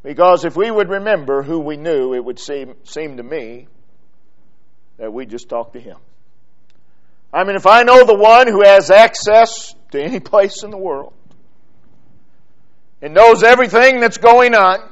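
A man preaching a sermon in a church, building from quiet, drawn-out phrases to loud, emphatic repetition. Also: sits high, expressive.

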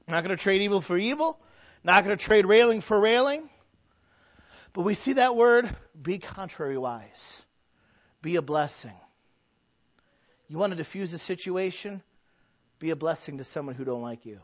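A man's voice: high voice, expressive, normal speed, long pauses, no echo. A man preaching a sermon in a folksy, conversational way, full of rhetorical questions. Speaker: pastor. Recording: dull, dry sound.

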